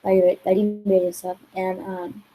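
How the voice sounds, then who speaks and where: A woman's voice: on the low side, completely flat delivery, a little slow, mellow, poor audio. A woman vlogger telling a rambling, exasperated story in casual talk, full of swearing and "like". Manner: rambling and profane, heavy use of "like".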